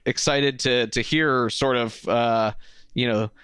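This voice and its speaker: A man co-hosting a podcast in casual chat, halting with restarts. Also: mid-range voice, fairly even intonation, fairly bright tone, smooth, no echo, studio quality. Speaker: podcast co-host.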